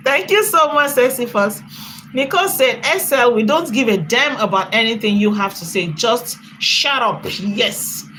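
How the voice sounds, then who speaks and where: Bright-voiced woman hosting a livestream. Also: on the high side, animated, moderate pace, a little hiss or hum, low-quality recording. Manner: emphatic, repeats phrases, thanks viewers by name. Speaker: livestream host. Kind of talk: casual livestream chat reading comments.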